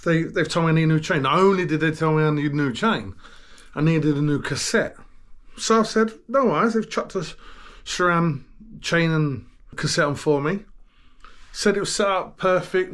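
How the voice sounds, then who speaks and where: A man's voice: a little high, a bit bright, dry recording. A man with a Cockney accent, chatting casually in a rambling, grumbling way while vlogging about cycling. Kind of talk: casual vlog chat.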